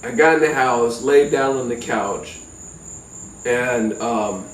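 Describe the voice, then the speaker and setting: A man telling a comic personal story in an animated, profane, rambling way. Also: mid-range voice, takes it slowly, recorded from a distance, slight background noise. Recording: roomy echo, off-mic.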